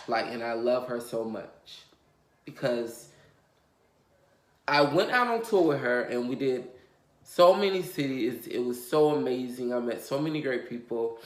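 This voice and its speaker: A man talks straight to the camera in a confessional storytime, rambling and emotional, with plenty of fillers and swearing. His voice sits at an ordinary middle pitch. The room around him sounds roomy and echoey. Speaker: vlogger. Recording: roomy echo.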